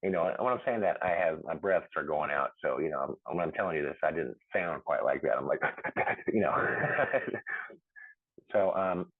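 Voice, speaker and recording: Deep-voiced man on a tinny line. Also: lively intonation, normal speed, husky. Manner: rambling, many fillers and restarts, laughs between lines. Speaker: podcast guest. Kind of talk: telling his near-death story.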